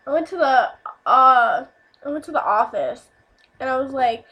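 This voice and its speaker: High-voiced young woman telling a story. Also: expressive, normal speed, husky, lo-fi sound. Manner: rambling, heavy on fillers and swearing. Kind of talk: casual storytime vlog.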